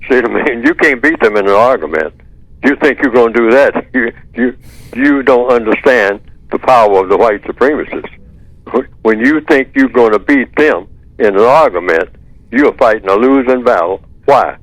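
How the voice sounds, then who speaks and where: A man's voice: medium pitch, moderate pace, no room sound. A man speaking as a guest on a talk radio show, emphatic and repeating his points with rhetorical questions. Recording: dull lo-fi line, dry.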